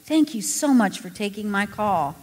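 A woman's voice: mid-range voice, expressive, normal speed, darkish tone, long reverb tail, pitched above the performer's own voice, close to an everyday voice. A woman reading aloud and voicing a desperate, tearful woman calling a stranger, speaking nervously and pleadingly.

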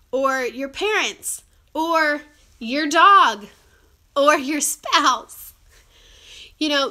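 A woman's voice: high voice, bright, forceful tone. A woman with a cold hosting a live stream, talking earnestly and chattily with many fillers. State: has a cold. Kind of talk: encouraging live-stream talk. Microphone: phone or webcam live stream.

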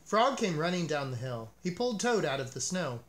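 A man reading a children's picture book aloud as narrator, with an expressive, animated delivery. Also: on the high side, brisk, a little hiss or hum.

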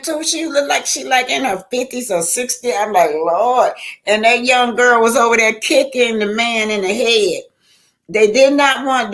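A woman's voice: on the high side, a bit bright. An older woman, hosting a casual livestream, chatting and greeting viewers by name in a loose, rambling way. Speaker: YouTube livestream host.

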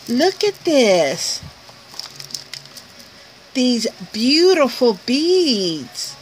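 A woman chats to her viewers while opening a package at home at night, gushing over every item and laughing often. Her voice sits a little high and she talks at an unhurried, drawn-out pace. A faint background hiss runs under the recording. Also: big pitch swings. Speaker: crafts vlogger opening a gift package. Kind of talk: casual unboxing chat to viewers.

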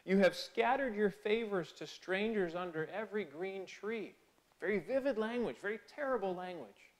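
A man preaching a sermon in church, earnest and conversational, swelling on key phrases and slipping into small restarts. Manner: earnest, rises in pitch and loudness on key phrases. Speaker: pastor. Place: church sanctuary.

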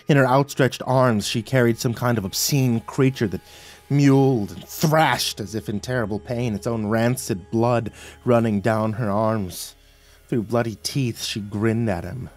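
A man narrating a horror story, swinging from hushed to loud and urgent. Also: on the low side.

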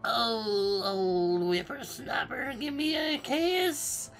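A young man putting on a stereotypical doting old grandmother's voice, high and quavering. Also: very slow, creaky, fairly bright tone, soft background music, full character voice.

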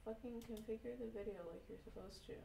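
A woman's voice: on the high side, steady tone, fast talker, gravelly, dark tone, a little hiss or hum. A young woman streaming casually, rambling, giggling often and swearing a lot as she chats to viewers. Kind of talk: casual live-stream chat.

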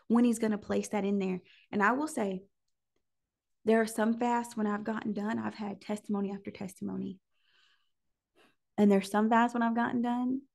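A woman, leading a prayer call and preaching prophetically, dropping to breathy whispers and rising into impassioned declarations. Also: mid-range voice, a little mellow.

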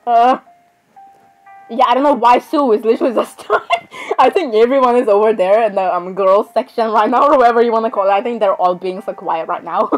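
A woman's voice: fairly high pitch, brisk, soft background music, low-quality recording. A woman giving casual gameplay commentary, chatty and playfully sarcastic, laughing often. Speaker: gamer.

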